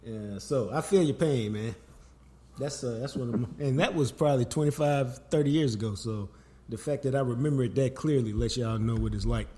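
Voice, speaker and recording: A man, hosting a casual sports podcast and telling stories with big swings in pitch and loudness. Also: fairly quick. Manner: animated, storytelling, wide swings in pitch and loudness. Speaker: podcast host. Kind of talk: casual sports talk chat.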